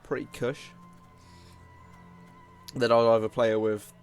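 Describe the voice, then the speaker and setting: A man's voice: mid-range voice, level tone, unhurried, smooth, soft background music. A man giving casual, self-mocking commentary while playing a card game, often laughing at himself. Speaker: gaming video host.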